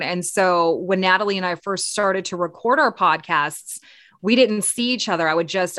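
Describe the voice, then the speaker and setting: A woman's voice: on the low side, a bit bright, dry recording, studio quality. A Canadian woman co-hosting a podcast, sharing speaking tips in a casual, conversational way with fillers and restarts. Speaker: podcast co-host and radio broadcaster.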